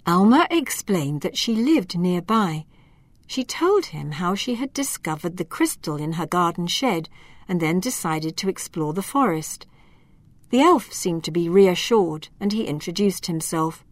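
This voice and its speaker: Slow, lively-voiced woman storyteller. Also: lowish voice, no echo. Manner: calm, measured reading. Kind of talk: scripted narration.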